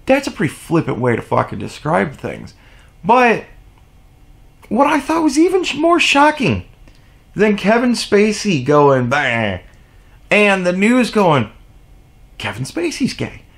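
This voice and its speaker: Guy venting on his vlog, high voice, swears a lot, sarcastic, all over the place in pitch. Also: wildly swooping pitch, measured pace, vocal fry. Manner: profane, exasperated ranting; sarcastic, mocking asides. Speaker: vlogger. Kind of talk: opinion vlog rant.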